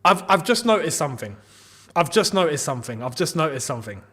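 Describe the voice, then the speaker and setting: A young man hosting a live football watchalong, chatty and quick to laugh as he talks to his viewers. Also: on the high side, sing-song, sharp tone, husky. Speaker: football channel host.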